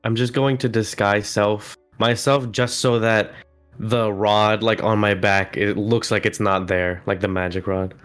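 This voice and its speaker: A man's voice: on the low side, fairly even intonation, unhurried, fairly bright tone, soft background music. A man playing a tabletop game, describing his character's actions hesitantly with many fillers. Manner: hesitant, lots of "like" and "um". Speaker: player.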